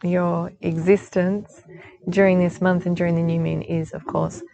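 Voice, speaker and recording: A woman's voice: fairly low pitch, flat delivery, normal speed, vocal fry, mellow, rough recording. A woman giving a chatty spiritual guidance talk outdoors, reassuring and laughing often. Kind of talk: casual spiritual forecast talk.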